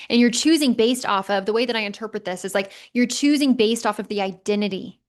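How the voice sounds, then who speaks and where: Woman podcast host in her thirties, slightly high voice, casual and emphatic with some swearing. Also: brisk, few pauses. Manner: emphatic, conversational, mild swearing. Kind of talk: casual motivational podcast monologue.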